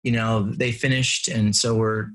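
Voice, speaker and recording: A middle-aged man, a guest in an interview, telling personal stories in an earnest, animated way and laughing at himself. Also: lowish voice, unhurried. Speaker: interview guest, family and business coach. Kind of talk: conversational storytelling.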